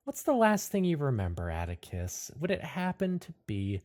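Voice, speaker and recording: A woman playing a tabletop game, wry and deadpan in her asides. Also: deep voice, moderate pace. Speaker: player.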